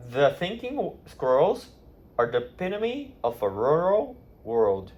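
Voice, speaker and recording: A man practising pronunciation as a student, repeating words slowly and laughing at his own attempts. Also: fairly high pitch, huge pitch swings, lo-fi sound, background noise. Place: classroom.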